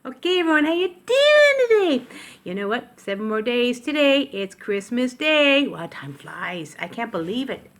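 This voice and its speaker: A woman's voice: on the high side, big pitch swings, moderate pace. Older woman vlogger, casual and meandering, self-corrections, kitchen recording on a tablet. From Canada. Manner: chatty, rambling, self-interrupting. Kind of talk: casual chat to camera. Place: home kitchen. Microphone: tablet camera.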